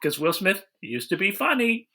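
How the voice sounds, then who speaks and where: Male co-host, dry plot recapper with a bright, somewhat high voice. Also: normal speed. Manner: wry, deadpan plot recaps. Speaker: podcast co-host. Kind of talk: casual movie-roasting chat.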